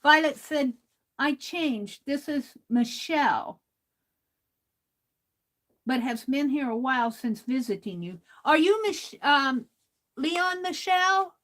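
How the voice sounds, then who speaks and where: An older woman with a fairly high voice chats slowly and easily as she crafts on a livestream. She talks to herself about her work and answers her viewers, laughing often. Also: lively intonation, a bit bright, poor audio. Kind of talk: casual crafting chat while reading viewer comments.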